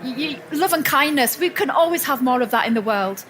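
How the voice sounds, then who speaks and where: Female motivational speaker, high register, chatty, keeps restarting her sentences. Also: animated, fairly quick. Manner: warm storytelling, frequent restarts and self-corrections. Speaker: speaker at a personal growth expo. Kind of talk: motivational talk to a live audience. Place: event hall with audience.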